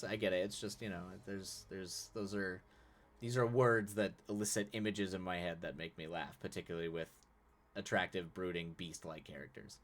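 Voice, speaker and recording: A man's voice: low voice, fairly even intonation, normal speed. A man streaming live, reading a story aloud with casual asides, laughing and correcting his own slips. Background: faint music.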